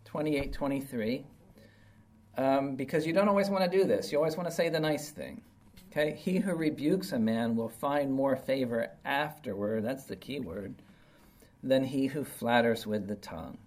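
A man's voice: mid-range voice, normal speed, darkish tone. Chatty man teaching a Bible lesson. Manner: conversational, checks in often with "right?" and "okay?"; plainspoken, explains verses with everyday examples. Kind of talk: informal Bible study lesson.

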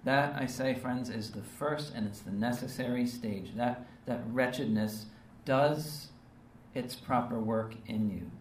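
A man's voice: medium pitch, unhurried, slight background noise. A man preaching a sermon in an earnest, emphatic way, often checking in with his listeners through short rhetorical questions. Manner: earnest, emphatic, with frequent rhetorical "right?" and "okay?" tags. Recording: roomy, distant mic with faint ambience.

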